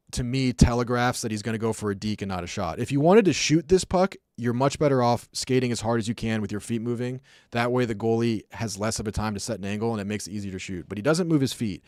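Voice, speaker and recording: A young man chats his way through hockey replays as a streamer, loose and rambling, full of "like" and "um". His voice sits at an ordinary middle pitch. The sound is dry and close, with no room echo. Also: lively intonation, fast, hardly any pauses. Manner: chatty, rambling, acts out sounds, many fillers. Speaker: streamer breaking down hockey clips. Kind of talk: casual commentary.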